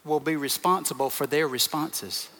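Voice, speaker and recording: A man's voice: a little high, normal speed, bright, forceful tone. Emphatic preaching man, echoing church hall. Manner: emphatic, stacking short repeated phrases. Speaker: pastor. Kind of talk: sermon. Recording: long reverb of a large hall.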